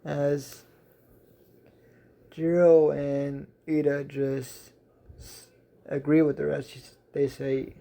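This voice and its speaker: Halting, gravelly male storyteller. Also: on the high side, monotone, dark tone. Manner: halting, many ums and restarts. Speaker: story narrator. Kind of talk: reading a self-written fan story.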